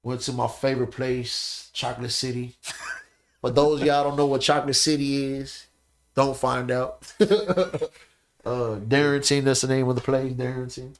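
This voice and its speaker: As a guest on a podcast, this man chats loosely and casually, telling animated, profane stories and frequently asking "you know what I'm saying." His pitch is average and he talks at a normal speed.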